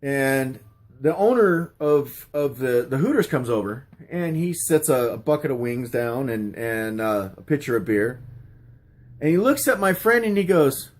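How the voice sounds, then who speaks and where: A man's voice: mid-range voice, very animated, unhurried. A middle-aged man casually telling stories and answering questions on his channel, rambling with many fillers and restarts. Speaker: YouTuber answering a question tag. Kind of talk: casual storytelling vlog.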